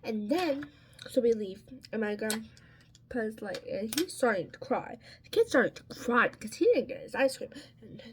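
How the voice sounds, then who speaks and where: A woman's voice: a little high, slight background noise. A woman vlogger telling a story in a casual chat while getting ready, full of "like" and "um" and sounding exasperated. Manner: chatty, peppered with "like" and "um".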